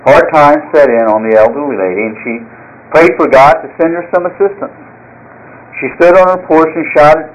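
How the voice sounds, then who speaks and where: A man's voice: on the high side, moderate pace. A man preaching a sermon as pastor, folksy and earnest, opening with a joke story. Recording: slightly dull lo-fi sound.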